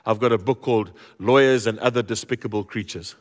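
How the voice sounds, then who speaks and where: A low-pitched man delivers a sermon in a church, telling stories with humor and an animated, stop-start flow full of repeated words. His voice rings out with the long reverb of a large hall. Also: fairly quick. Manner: lively, joking storyteller with many repeated words. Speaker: guest preacher. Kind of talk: storytelling sermon.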